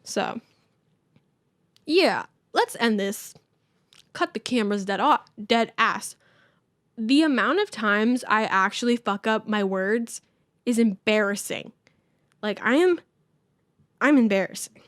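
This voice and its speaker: A young woman talks through her solo podcast in loose, rambling chat, cursing freely and poking fun at herself. Her voice sits a little high and comes through smooth and clear. The sound is dry and close. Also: expressive, measured pace, pauses often, a bit bright, no echo. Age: young adult. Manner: rambling, self-deprecating, swears freely. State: out of breath. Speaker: podcast host. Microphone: camera mic.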